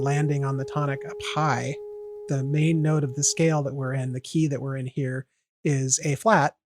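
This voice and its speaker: A man hosting a podcast, walking step by step through a song's melody in casual, analytical talk. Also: fairly high pitch. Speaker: podcast host. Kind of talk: casual music analysis chat.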